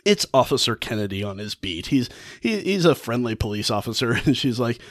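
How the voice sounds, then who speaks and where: A man casually retells a story, full of enthusiasm and halting restarts. His pitch rises and falls widely, and the sound is close and dry with no room around it. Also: lively intonation, dry recording. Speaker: podcast host.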